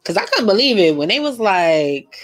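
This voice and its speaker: A woman's voice: mid-range voice, moderate pace. A young woman, chatting and gossiping casually while she paints live, slangy and laughing often. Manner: slangy, laughs a lot, animated storytelling. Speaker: art vlogger painting live.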